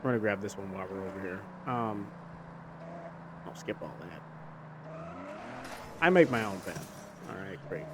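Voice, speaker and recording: A man's voice: low-pitched, lively intonation, normal speed, long pauses. A young man hosting a gaming video, talking casually and earnestly about faith while he drives, full of restarts and fillers. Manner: rambling and conversational, with many restarts and fillers. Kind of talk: casual chat while playing a driving game. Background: faint car engine and road noise from a game.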